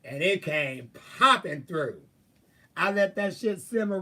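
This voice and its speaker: A man in a casual rambling monologue, thinking aloud in a chatty, profane, animated way. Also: high voice, slow pace, far from the mic. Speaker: vlogger.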